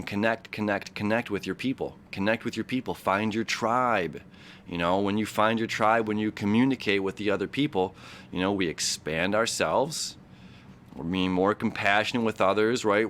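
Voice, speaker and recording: A man hosting his own astrology channel, talking to his camera in a rambling, animated way full of "you know"s and restarts. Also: fairly low pitch, slight background noise. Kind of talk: casual motivational talk to camera. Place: his own recording spot, seated. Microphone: camera setup he operates himself.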